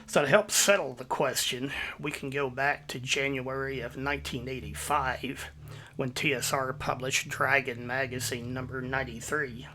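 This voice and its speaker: A man hosting his own video, giving a measured, explanatory voice-over. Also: mid-range voice, fairly even intonation, bright, forceful tone, slight background noise. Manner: measured, explanatory, citing sources. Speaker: YouTube host.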